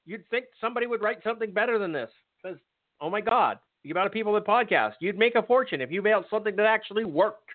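A man's voice: high-pitched, lively intonation, fast talker, no room sound. A man hosting a football podcast, ranting angrily and sarcastically with lots of swearing. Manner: angry, profane, sarcastic ranting. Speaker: podcast host. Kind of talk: ranting sports talk. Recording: tinny phone-like audio.

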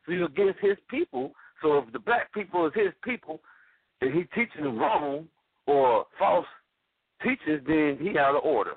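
Male caller in a heated on-air argument, halting delivery, dry phone-line audio. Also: a little high, expressive, husky, no echo. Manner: halting, stumbles and restarts while arguing. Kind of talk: heated call-in radio debate.

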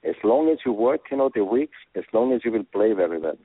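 A former soccer coach being interviewed over the phone, speaking earnest English with non-native phrasing. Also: male voice, fairly low pitch, animated, quick pace, husky, no echo. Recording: tinny phone line.

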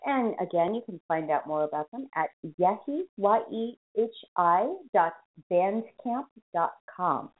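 A woman's voice: fairly low pitch, expressive, unhurried. A woman with a Boston accent hosting a music radio show, chatting casually, joking at herself and spelling out names. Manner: chatty, self-mocking, spells names aloud. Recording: tinny phone-like sound.

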